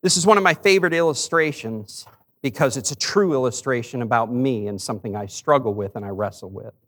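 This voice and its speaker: Man, middle-aged, pastor, sermon, storytelling, mid pitch, soft confession to raised emphasis. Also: a little fast.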